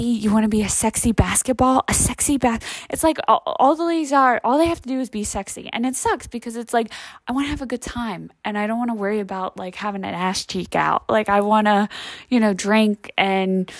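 A woman's voice: medium pitch, normal speed, no echo. Woman, thirties, casual rambling chat, profane, lots of fillers, dry close sound. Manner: rambling, profane, heavy use of "like" and "you know". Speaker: vlogger.

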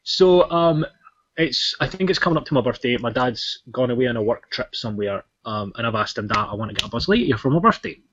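A young Scottish man telling animated stories in a casual podcast chat, full of ums and restarts. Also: medium pitch, fairly quick, husky. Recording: dull lo-fi podcast audio.

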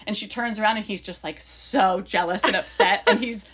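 A woman's voice: medium pitch, a little fast, fairly bright tone, breathy edge. A young woman co-hosting a casual chat, gushing and rambling with lots of fillers as she recommends a book. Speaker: podcast co-host recommending books.

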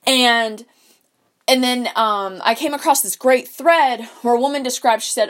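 A woman's voice: a little high, unhurried, a bit bright. A young woman in a casual, rambling rant, swearing often and full of fillers and restarts. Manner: profane, rambling, many fillers.

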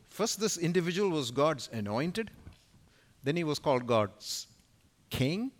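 A man giving an expository Bible teaching at a conference, emphatic and full of rhetorical questions, his loudness rising and falling sharply. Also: medium pitch, very animated, measured pace. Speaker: conference speaker teaching scripture. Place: conference venue.

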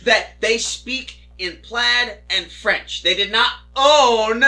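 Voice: medium pitch, slow, pushed and bright. A podcast co-host arguing stubbornly for absurd claims and ranting with frequent swearing. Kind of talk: comedic argument.

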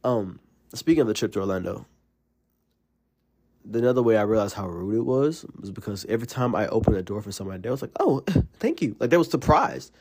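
This is a man from Alabama with a Southern US accent, hosting his own podcast alone. His voice sits a little low, and he tells his stories in a rambling, animated way, full of fillers and restarts. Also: quick pace. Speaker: podcast host. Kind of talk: casual solo podcast monologue.

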